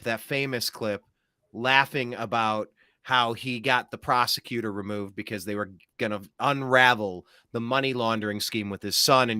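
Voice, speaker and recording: A man's voice: mid-range voice, bright, forceful tone, dry recording, clean studio sound. A man hosting a political talk show, ranting in an emphatic, sarcastic way. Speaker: host.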